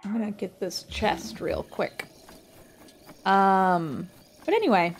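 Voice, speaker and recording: A woman livestreamer chatting casually while she plays, rambling along with lots of fillers and quick asides. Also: mid-range voice, animated, a little hiss or hum. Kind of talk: casual chat while gaming.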